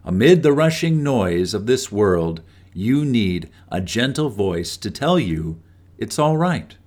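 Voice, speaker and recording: Male devotional host, unhurried and soft-spoken, lively melodic delivery. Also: fairly low pitch. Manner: slow, gentle and measured. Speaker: devotional speaker. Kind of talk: scripted devotional reading.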